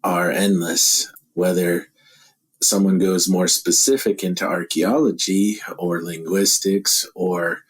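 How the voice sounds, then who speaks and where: Deep husky guy on a podcast, thinking out loud, lots of laughing. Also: flat delivery. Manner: laughs often, thinks aloud in halting phrases. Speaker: podcast guest, anthropologist. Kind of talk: casual interview talk.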